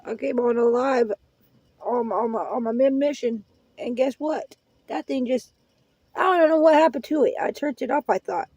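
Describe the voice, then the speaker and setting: A woman's voice: high voice, moderate pace, mellow, breathy edge, no echo, muffled recording. A woman hosting a casual live-stream hangout, rambling in a folksy way and dropping prayerful asides. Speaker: livestream host.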